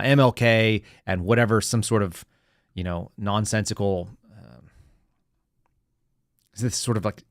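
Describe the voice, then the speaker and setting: A man's voice: lowish voice, fairly bright tone, no echo, studio quality. A man from the United States hosting a political commentary podcast, sarcastic and talking to his live chat. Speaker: podcast host.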